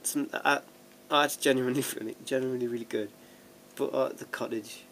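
A man's voice: medium pitch, steady tone, fairly quick, a bit bright, slight background noise. A young man rambling casually in a home vlog, chatty and self-deprecating, laughing often and restarting his sentences. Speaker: vlogger. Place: at home sorting DVDs.

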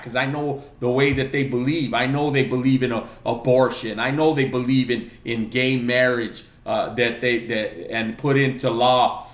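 A man with a Latino American accent ranting about politics and pleading like a preacher, emotional, his voice jumping up high and dropping low. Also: a bit bright, reverberant. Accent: Latino American English. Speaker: vlogger. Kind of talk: impassioned political rant.

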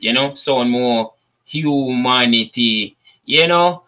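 A man's voice: mid-range voice, moderate pace, pushed and bright. A man with a Jamaican accent hosting casual commentary, chatting to his viewers in patois. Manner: chatty, addresses viewers as people, patois asides. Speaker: commentary channel host.

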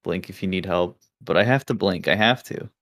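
Young man, low voice, sarcastic, swears a lot, casual stream chat. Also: fairly quick, a bit bright. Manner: joking, sarcastic, swears freely. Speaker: streamer co-host.

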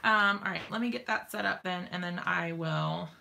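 A woman's voice: lowish voice, normal speed, creaky, bright, forceful tone. A woman hosting a crafting live stream from her home craft room, chatting casually and giggling, with many ums and likes.

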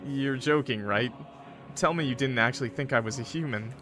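A man's voice: mid-range voice, normal speed, pushed and bright, faint music behind, close to an everyday voice. A man voicing a smug, cocky male guardian angel, reading game dialogue in a playful, sly drawl. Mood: teasing.

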